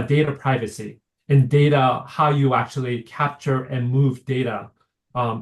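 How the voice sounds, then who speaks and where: Man explaining on a video call. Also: mid-range voice. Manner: explanatory, many fillers and restarts. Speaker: invited speaker on medical devices. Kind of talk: online workshop talk.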